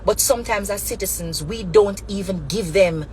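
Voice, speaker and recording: A woman's voice: medium pitch, moderate pace, a little mellow, a little hiss or hum, poor audio. A woman with a Jamaican accent giving impassioned spoken commentary as a channel host, emphatic and repetitive, mixing Patois and English.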